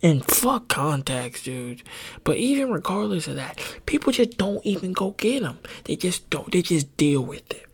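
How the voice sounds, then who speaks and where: Podcast host, male, gravelly and husky, casual profane rant with high-pitched outbursts. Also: sing-song, moderate pace. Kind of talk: casual rambling monologue.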